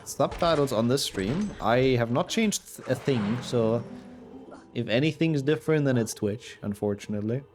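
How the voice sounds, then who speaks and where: A man's voice: mid-range voice, expressive, moderate pace, few pauses, music in the background. A young man with a sick voice, casually commentating his speedrun and answering chat. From Germany. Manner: chatty, reads and answers chat while playing. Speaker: speedrunner streamer.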